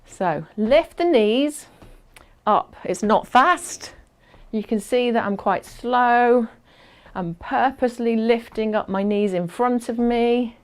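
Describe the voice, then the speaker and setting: A woman's voice: fairly high pitch, slow. A woman instructing a fitness class, chatty and encouraging, counting down aloud and a little out of breath as she exercises along.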